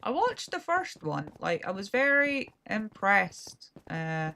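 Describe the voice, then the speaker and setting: A woman's voice: medium pitch, sing-song, slow pace, vocal fry, pushed and bright. A woman with a Scottish accent chatting casually while commentating her gameplay, rambling and self-deprecating. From Scotland. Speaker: gaming streamer.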